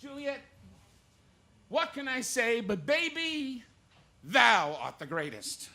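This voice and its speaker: A man impersonating a famous blustering TV comedian declaiming Shakespeare in a bombastic, shouting manner, recorded live in a club. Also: very high-pitched, big pitch swings, takes it slowly, full character voice. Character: blustering big-mouthed male TV comedian doing Shakespeare. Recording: live club with faint room noise.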